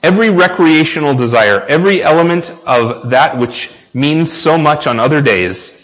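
A man's voice: on the high side, animated, normal speed, a bit bright, big-room sound. An American man preaching a sermon in an earnest way, talking straight to the congregation and asking them questions. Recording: slightly dull lo-fi recording.

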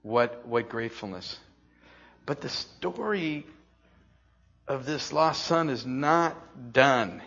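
An older man preaching a sermon, dropping to slow hushed phrases and then rising loud and excited. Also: mid-range voice, vocal fry. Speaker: pastor. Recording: slightly dull, lo-fi.

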